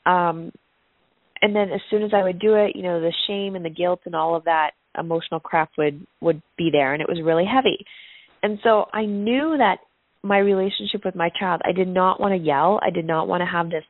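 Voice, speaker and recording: A woman's voice: lowish voice, brisk, dry recording. Woman on a dry, tinny phone line. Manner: earnest, reflective, uses personal examples. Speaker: parenting coach and podcaster, guest. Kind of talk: conversational interview answers.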